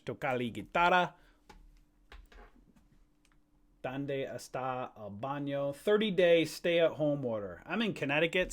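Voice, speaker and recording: A man with an average-pitched voice hosts a live stock-trading stream in a loose, chatty way. He rambles and jokes as he goes, talking straight to his viewers. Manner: chatty, jokey, rambling, laughs easily. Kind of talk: casual live-stream commentary.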